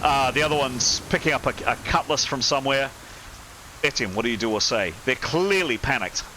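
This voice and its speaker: A man narrating as game master of a tabletop role-playing game, now and then shouting lines for panicked sailors. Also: medium pitch, brisk, rough recording. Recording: faint background noise.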